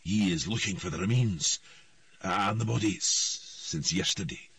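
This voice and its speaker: A man's voice: low-pitched, a little slow, fairly bright tone, husky, no room sound, distant mic, exaggerated voice. A man doing a cowed, weather-beaten earl. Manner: stammering, deferential.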